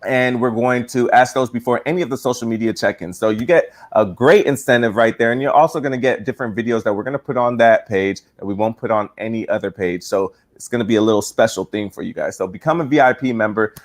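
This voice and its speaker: A man's voice: medium pitch, fast talker, hardly any pauses. Upbeat male co-host giving instructions. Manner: upbeat, instructive, addressing the audience directly. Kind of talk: live-stream promo explanation.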